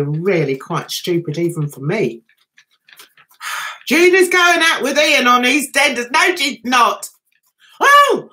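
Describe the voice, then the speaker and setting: Excitable woman, very lively high voice. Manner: chatty and excitable, reads viewer comments aloud. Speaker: livestream host. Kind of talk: casual livestream chat.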